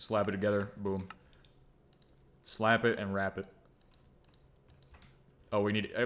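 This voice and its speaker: A man's voice: on the low side, fairly even intonation, normal speed, long pauses, fairly bright tone. A man giving casual, jokey gameplay commentary, muttering and humming to himself as he builds. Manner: jokey, self-mocking, hums and mutters to himself. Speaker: gaming video creator.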